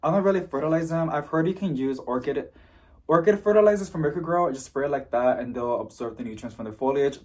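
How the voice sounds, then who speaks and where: A man's voice: fairly high pitch, fast talker. A young man chatting in a casual unboxing vlog, bubbly and gushing. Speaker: plant vlogger.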